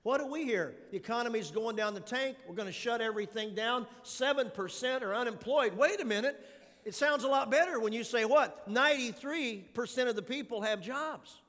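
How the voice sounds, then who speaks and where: A man's voice: very high voice, fairly quick, fairly bright tone, big-room sound. A male pastor preaching a sermon in numbered points and putting questions to his congregation in a large church.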